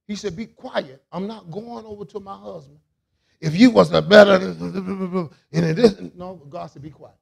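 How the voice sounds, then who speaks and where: A man preaching a sermon as a bishop, in a call-and-response style that swings from quiet asides to shouts. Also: high voice, creaky.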